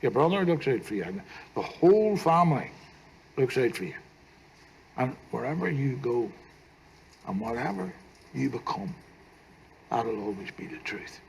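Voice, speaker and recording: A gentle old grandpa. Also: male voice, mid-range voice, sing-song, moderate pace, gravelly, long pauses, a little hiss or hum, low-quality recording. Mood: gentle, teasing. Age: older. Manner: gentle, teasing humor. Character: gentle, humorous old grandfather giving life advice.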